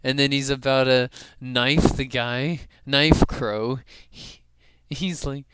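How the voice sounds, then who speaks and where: A man giving excited fan commentary on an animated show, emotional and often laughing. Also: medium pitch, takes it slowly, smooth, no room sound.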